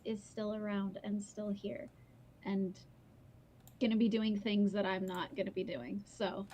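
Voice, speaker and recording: A woman's voice: mid-range voice, steady tone, measured pace, warm tone. Chatty young woman streamer. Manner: chatty, laughs often, answers chat comments. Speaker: streamer and book reader. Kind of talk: casual livestream chat.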